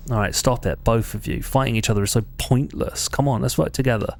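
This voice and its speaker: A man's voice: mid-range voice, brisk, creaky, natural voice. A man voicing a sensible young woman adventurer who talks earnestly as a peacemaker.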